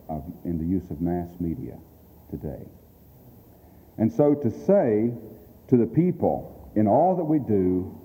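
Slow, dark-voiced man preaching earnestly. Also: deep voice. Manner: earnest, emphatic repetition with drawn-out pauses. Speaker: ministry leader speaking on radio outreach. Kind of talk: sermon-style address. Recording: long hall reverb.

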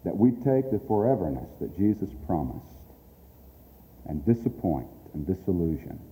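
A man's voice: sits low, sing-song, normal speed, warm tone. A man giving a sermon-style address about radio outreach. He speaks earnestly and stresses his points through emphatic repetition. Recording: long hall reverb.

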